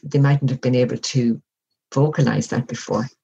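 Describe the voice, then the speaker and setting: Measured woman with a husky mellow voice. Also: rumbling low, steady tone, lo-fi sound. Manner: measured, reflective, often acts out example dialogue. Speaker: workplace wellbeing guest. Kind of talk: conversational podcast interview.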